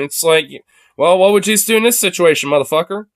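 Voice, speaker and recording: A man's voice: a little high, brisk, no room sound, studio quality. A young man ranting casually, rambling with lots of fillers and swearing. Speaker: podcast host. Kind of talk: casual profane rant.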